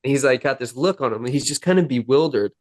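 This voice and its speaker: A young man, a podcast guest, telling his own story candidly, with halting restarts. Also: mid-range voice, no echo. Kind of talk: personal storytelling.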